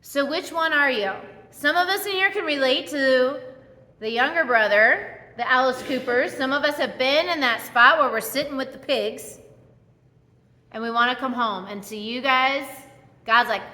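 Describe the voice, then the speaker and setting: A woman's voice: sits high, normal speed, sharp tone. A woman pastor giving a sermon, telling a story with energy and acting out the characters' lines. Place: church hall. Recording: echoey church hall.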